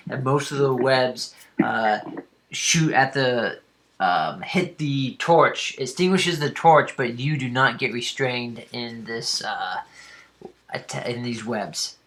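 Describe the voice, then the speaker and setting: A man narrating a tabletop game as game master, pausing often with fillers and restarts. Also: medium pitch, sharp tone. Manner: halting, with frequent fillers and restarts.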